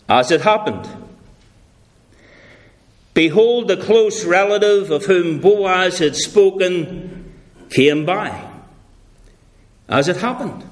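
A man delivers a sermon in an unhurried, deliberate cadence. His voice sits a little high for a man. He leans on repetition and breaks into light, humorous asides. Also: fairly bright tone. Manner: slow, deliberate preaching with repeated phrases; drops into playful British voices for illustrations. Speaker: preacher.

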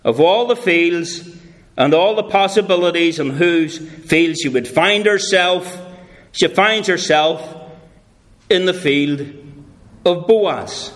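A man delivers a sermon in an unhurried, deliberate cadence. His voice sits a little high for a man. He leans on repetition and breaks into light, humorous asides. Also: animated, a bit bright. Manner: slow, deliberate preaching with repeated phrases; drops into playful British voices for illustrations. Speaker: preacher.

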